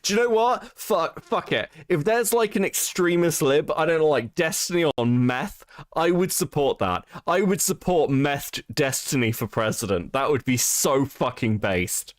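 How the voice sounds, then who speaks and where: A man giving casual, profane live-stream commentary on chat, animated and laughing often. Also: a little high, normal speed, no echo, studio quality.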